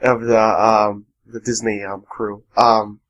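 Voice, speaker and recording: A man's voice: lowish voice, flat delivery, takes it slowly, a bit bright, lo-fi sound. A man co-hosting a casual podcast, giving strong opinions in a rambling way full of ums and uhs. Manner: opinionated, rambling, many fillers. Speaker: podcast co-host. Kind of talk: casual chat.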